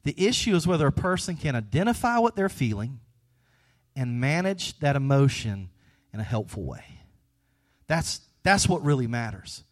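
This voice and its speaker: A pastor preaching a sermon, switching between conversational asides and hushed, earnest passages, with playful jokes aimed at the congregation. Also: medium pitch, very animated, normal speed.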